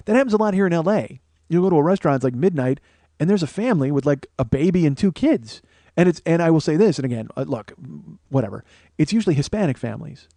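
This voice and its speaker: Brief: male comic, quick profane storytelling, bright-ish voice, dry mic. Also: a little high, dry recording. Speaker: comedian host. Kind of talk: rambling comedic monologue.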